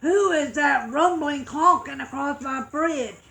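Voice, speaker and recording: Lady doing a mean hungry troll, slow loud growly shouting, storybook style. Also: high-pitched, vocal fry, exaggerated voice. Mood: grumbling shout. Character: mean hungry male troll under a bridge. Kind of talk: storybook reading.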